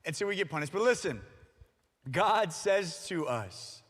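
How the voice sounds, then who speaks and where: Guy preaching to kids, fairly high voice, jokey storytelling, big echoey hall. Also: a little slow. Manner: animated storytelling with jokes and asides. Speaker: youth pastor. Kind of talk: youth sermon. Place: church hall. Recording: long reverb of a large hall.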